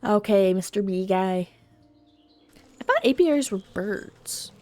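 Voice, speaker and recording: A woman's voice: medium pitch, expressive, slow pace, a little mellow, faint music behind. A woman streamer chatting casually and thinking aloud while playing a game. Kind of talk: casual gameplay commentary.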